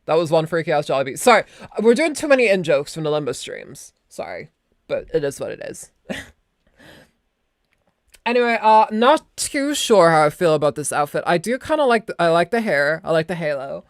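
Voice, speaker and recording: A woman's voice: low voice, sing-song, moderate pace, no echo. A young adult woman streaming as a VTuber, chatting casually and rambling, swearing now and then into a close desk mic. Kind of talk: casual live-stream chat.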